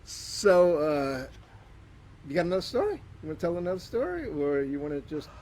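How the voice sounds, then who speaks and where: A man interviewing a guest in casual chat, with short, quick encouraging prompts. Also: on the high side, very animated, a little mellow.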